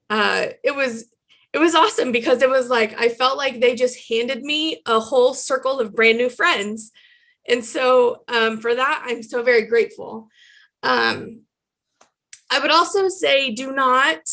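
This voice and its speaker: A woman reflecting on speaking up as a patient, heartfelt and halting, with many fillers. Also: on the high side, gravelly, a bit bright. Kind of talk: personal reflection.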